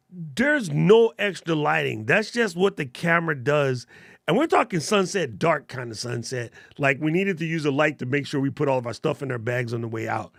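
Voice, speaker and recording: A man's voice: on the high side, vocal fry, fairly bright tone, no room sound, studio quality. A man hosting a casual live stream about camera gear, slangy and enthusiastic as he answers viewer questions.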